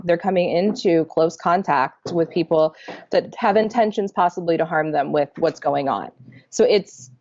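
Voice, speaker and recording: A woman answering interview questions in an earnest, candid, measured way. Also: low-pitched, a little mellow, muffled recording. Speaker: manufacturing support leader, interview guest.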